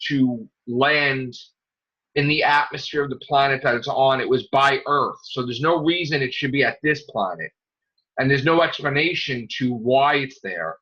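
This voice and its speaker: A man hosting a casual podcast chat, animated and acting out scenes with loud outbursts. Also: mid-range voice, husky, highs cut off. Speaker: podcast host.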